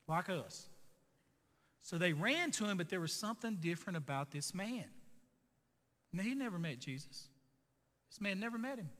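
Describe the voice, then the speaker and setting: Bright, high-voiced man preaching in a hall. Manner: emphatic, repetitive preaching. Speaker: pastor. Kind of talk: sermon.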